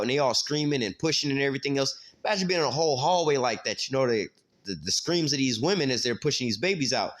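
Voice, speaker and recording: A man teaching a Bible passage in a loose, conversational way, full of street slang, filler words and casual cursing. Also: mid-range voice. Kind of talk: informal scripture teaching.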